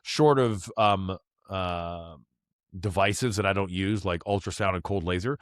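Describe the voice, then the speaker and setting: A man with a low voice talks through a long explanation in a blunt, casual way and swears now and then. The sound is close and completely dry, with no room around it. He comes across as a practitioner who is used to teaching. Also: measured pace, no room sound. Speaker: podcast guest, chiropractor and DNS instructor. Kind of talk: casual interview talk.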